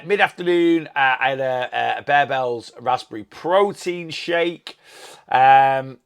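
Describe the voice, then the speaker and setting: Gravelly man chatting about food. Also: mid-range voice. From England. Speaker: weight loss vlogger. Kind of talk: casual chatty vlog.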